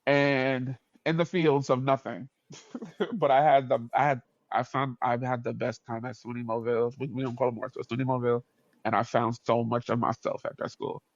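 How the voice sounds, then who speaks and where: Animated New York man telling stories. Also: medium pitch, dry recording, dull audio. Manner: animated, slangy storyteller with frequent laughs. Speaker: podcast guest. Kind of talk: storytelling in a podcast conversation.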